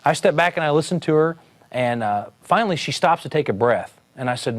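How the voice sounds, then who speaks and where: A man, a police sergeant, telling a story in a relaxed, conversational way with frequent fillers and restarts. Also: a little high, fairly quick. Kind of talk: storytelling talk.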